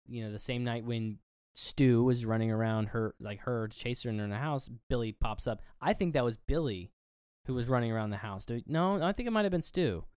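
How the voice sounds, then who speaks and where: Animated, smooth-voiced man recapping a movie. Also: medium pitch, brisk, no echo, clean studio sound. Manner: animated retelling, swears freely, acts out lines. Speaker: podcast co-host. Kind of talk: casual movie review chat.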